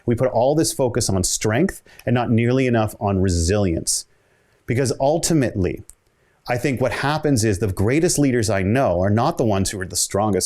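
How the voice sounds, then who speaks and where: A man's voice: fairly low pitch, darkish tone. A man giving a motivational keynote talk, telling a story conversationally and voicing the dialogue of the people in it. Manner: conversational, builds stories with quoted dialogue. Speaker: keynote speaker.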